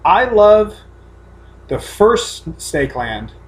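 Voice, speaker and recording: A man's voice: high voice, big pitch swings, extremely slow. A man co-hosting a casual podcast from home, telling stories in a rambling, profane way with many restarts. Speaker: podcast co-host. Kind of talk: casual chat.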